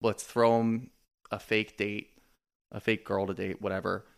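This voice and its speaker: A man's voice: fairly low pitch, little pitch movement, measured pace, creaky. A man co-hosting a podcast, rambling through a reality show recap with lots of "like" and casual swearing. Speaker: podcast co-host.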